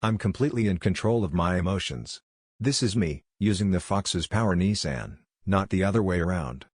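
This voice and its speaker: A man reads out a young ninja hero in a deep, even voice. He sounds calm and sure of himself. The sound is dry and close. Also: moderate pace, dry recording.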